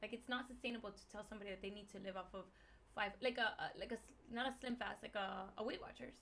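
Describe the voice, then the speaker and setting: Bright, emphatic woman with Miami accent. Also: medium pitch, fast talker, gravelly, slight background noise. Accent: Miami Spanish-English. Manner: animated, emphatic explainer with slang. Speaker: guest, keto meal business owner. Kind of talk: casual podcast chat.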